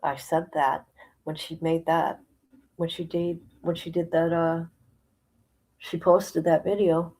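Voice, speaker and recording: A woman's voice: on the low side, flat delivery, takes it slowly, pauses often, a little mellow, low-quality recording. A woman hosting a casual livestream, chatting colloquially, reading viewer comments aloud and laughing often. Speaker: livestream host.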